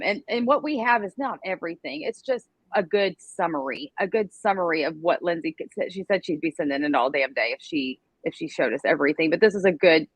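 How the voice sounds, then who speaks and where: Woman, dry close sound, excitable, swears freely, casual chat. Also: lowish voice, no echo.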